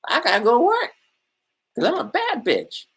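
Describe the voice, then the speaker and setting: A man doing a brash, sassy caricature of a working woman, swearing and bragging in a squealing, pitched-up voice. It is a mocking impression from a rambling vlog. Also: wildly swooping pitch, normal speed, a bit bright, husky, exaggerated voice.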